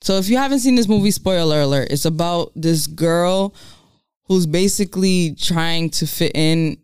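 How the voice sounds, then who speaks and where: A podcast co-host in casual chat, telling stories with animated delivery and free swearing. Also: medium pitch, moderate pace, smooth, dry recording, studio quality. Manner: animated storyteller, swears freely.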